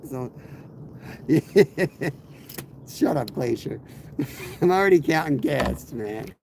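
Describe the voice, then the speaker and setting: A man, hoarse from a cold, chatting casually to live viewers while fishing from a kayak on a river, rambling and greeting people by name. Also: fairly high pitch, animated, extremely slow, long pauses, a little mellow, slight background noise. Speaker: fishing streamer.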